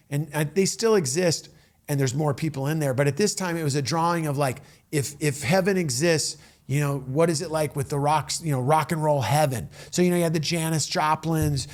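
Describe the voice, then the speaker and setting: A middle-aged man spins a casual personal story, his voice bouncing between quiet asides and sudden lively peaks. He acts out the people he met with quick shifts in tone, keeping an easy conversational pace. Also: fairly high pitch. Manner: animated, acts out quoted voices.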